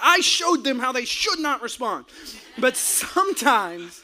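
High-voiced, bright, animated preacher man. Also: a little slow. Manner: animated, acts out his own outbursts with shouting and laughter. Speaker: pastor. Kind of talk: sermon with storytelling.

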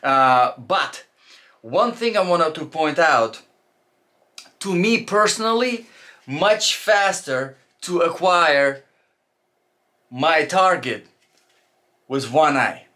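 A man's voice: on the high side, animated, slow, long pauses, bright, forceful tone. A man giving a casual instructional talk as a shooting instructor, loose and chatty with fillers and restarts.

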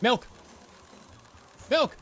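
A man streaming a game live, giving excitable, profane, self-mocking commentary as he plays. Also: extremely slow, soft background music.

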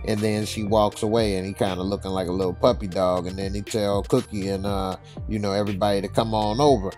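Brief: low-voiced man, casual TV reviewer, slangy, faint music behind. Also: fairly even intonation, quick pace, darkish tone. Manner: laid-back, slangy, lots of "uh" fillers. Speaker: TV episode reviewer. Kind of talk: casual recap narration.

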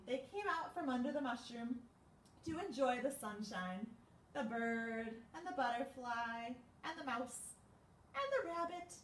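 A woman hosting a children's storytime, reading a picture book aloud in an animated, sing-song way with playful gasps. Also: fairly high pitch, far from the mic. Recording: echoey room with faint background noise.

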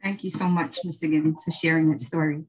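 A woman's voice: low voice, fairly even intonation, quick pace, slightly rough, poor audio. A woman hosting an online panel event, politely thanking a speaker and handing over to the Q&A. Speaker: event host. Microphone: video call.

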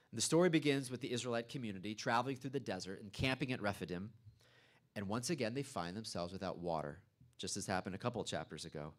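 A man preaching a sermon as pastor, reading scripture aloud and then explaining it in a conversational way, with small asides. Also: on the low side. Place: church.

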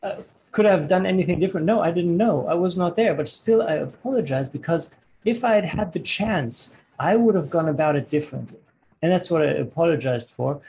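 A relationship coach with a fairly high, slightly mellow voice speaks briskly and earnestly in a podcast interview, acting out quoted dialogue. He often repeats words while searching for the right ones. The low-quality recording carries a little hiss or hum.

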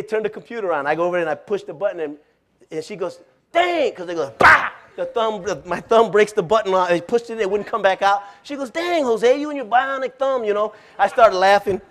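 This male pastor's voice sits high as he preaches in a down-to-earth, folksy manner. He fills the sermon with lively stories and laughs often.

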